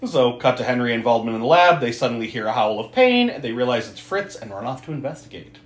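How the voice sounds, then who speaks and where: A man's voice: mid-range voice, big pitch swings, fast talker, echoey room. A man recapping an old film in casual talk, laughing often, swearing, and acting out the characters. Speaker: podcast host.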